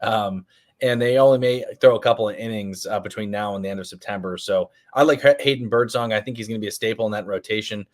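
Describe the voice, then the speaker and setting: A man's voice: fairly low pitch, fast talker. A man co-hosting a live fantasy baseball show, answering viewer questions in casual talk full of ums and restarts. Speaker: fantasy baseball podcast co-host. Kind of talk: casual live-stream chat.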